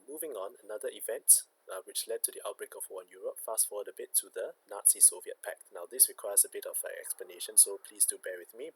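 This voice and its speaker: A man's voice: lowish voice, a little hiss or hum, poor audio. A man teaching a recorded history lesson, explaining step by step and checking in with "okay".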